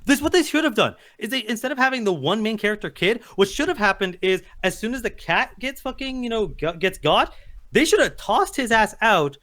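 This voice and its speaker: A man's voice: high-pitched, sing-song, a little fast, a bit bright. A man co-hosting a casual movie review chat, blunt and argumentative, swearing freely. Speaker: co-host.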